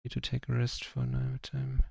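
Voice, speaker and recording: Young German-accented man, livestream chat, even and low-key, vocal fry, dry close mic. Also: fairly quick, dry recording, faint music behind. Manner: rambling, filler-heavy, self-conscious about his English. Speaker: streamer painting live.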